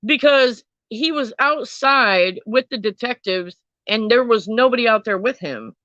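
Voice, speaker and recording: A woman's voice: on the high side, lively intonation, a little slow, bright, forceful tone, no room sound, lo-fi sound. A woman telling a true crime story in a casual, chatty way, swearing freely and talking to her viewers.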